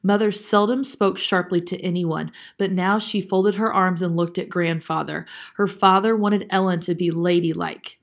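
A woman narrating a children's chapter book aloud in a steady, clear manner. Her voice sits somewhat low for a woman. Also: moderate pace, few pauses. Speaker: storyteller. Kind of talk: storybook read-aloud narration.

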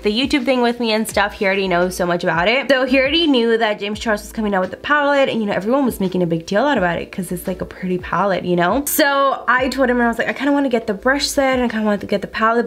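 A young woman beauty vlogger chatting through a get-ready-with-me makeup video, telling a story in a lively, animated way with lots of "like" and "girl". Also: mid-range voice.

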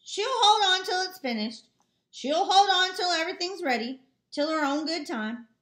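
A woman's voice: extremely high pitch, expressive, moderate pace, fairly bright tone, reverberant, voice pushed up. Woman voicing a drawling, reassuring country neighbor. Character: easygoing rural neighbor man. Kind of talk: amateur audiobook reading.

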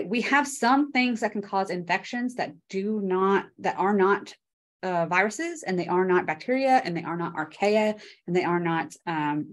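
A woman giving a casual, chatty microbiology lecture, with many fillers and homely analogies. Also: medium pitch.

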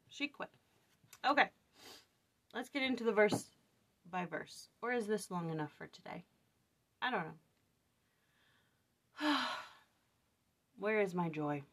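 Weary woman venting in a vlog. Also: medium pitch. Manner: venting, expressive, animated storytelling. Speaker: vlogger. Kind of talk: casual scripture study vlog.

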